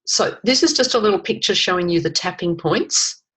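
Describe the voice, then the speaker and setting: A woman coaching a webinar, calmly guiding listeners through tapping points and slowly saying short phrases for them to repeat. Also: lowish voice, rough recording.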